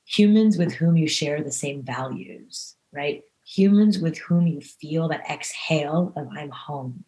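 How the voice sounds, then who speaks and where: A woman guest on a podcast talks in a low, easy voice, earnest and animated. She spills out her thoughts with plenty of fillers and restarts. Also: a little slow. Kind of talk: casual interview talk.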